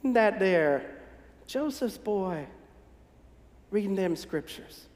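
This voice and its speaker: A man voicing a gossiping small-town male churchgoer in a soft folksy drawl, in a reverberant hall. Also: sits high, lively intonation, slow pace. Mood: gossipy.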